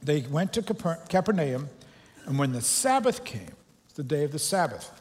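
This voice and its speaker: Very animated at a moderate pace, a pastor with a fairly high, slightly rough, somewhat mellow voice jokes casually through a sermon. Speaking to his congregation in the church sanctuary, he restarts loosely, and a long reverb tail follows his words.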